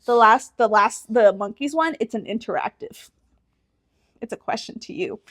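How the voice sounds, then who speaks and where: A young woman co-hosting a casual podcast with her sibling, telling stories in an animated way, acting out quotes and laughing often. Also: on the high side, moderate pace. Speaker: podcast co-host.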